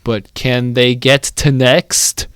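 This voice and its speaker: A man's voice: medium pitch, level tone, slow pace, fairly bright tone, smooth, no echo. A young man co-hosting a comedy podcast, reading a badly written fan story aloud, stumbling over its misspellings and breaking into banter.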